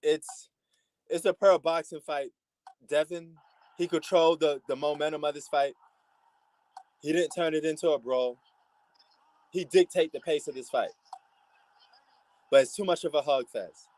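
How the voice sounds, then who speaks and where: A man's voice: fairly high pitch, fairly even intonation, a little slow, long pauses, darkish tone. A man from New York with a New York accent, giving slangy, laid-back live commentary on a boxing match as a stream host. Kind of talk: casual live fight commentary.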